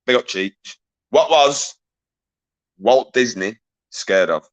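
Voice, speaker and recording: A man hosting a live-stream quiz, bantering with chat, giving quick shout-outs, swearing casually and laughing often. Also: on the low side, animated, lo-fi sound. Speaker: livestream quiz host.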